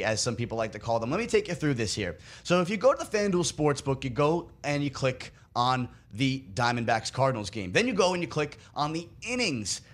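With a mid-range, fairly bright voice, a man who produces and hosts a sports betting segment runs through his picks. His manner is upbeat as he explains each bet one step at a time.

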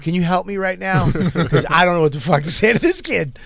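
Animated middle-aged man telling a story. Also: high-pitched, a little fast, vocal fry, no echo, studio quality. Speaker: podcast host. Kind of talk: casual storytelling.

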